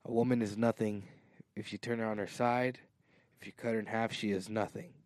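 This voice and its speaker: A man's voice: fairly low pitch, steady tone, fairly quick, dry recording. A young man co-hosting a podcast in casual chat, playful and often trailing off into mumbles. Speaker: podcast co-host.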